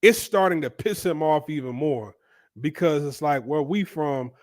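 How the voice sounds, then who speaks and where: A man speaking tells a story casually, in a rambling, chatty manner. He often restarts his sentences and leans on fillers. His voice sits a little higher than most men's. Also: moderate pace. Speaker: vlogger.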